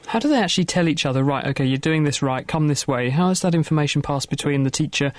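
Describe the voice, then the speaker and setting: A man hosting a live science radio show, brisk and emphatic with guests. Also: fairly high pitch, no room sound. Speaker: radio host. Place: radio studio.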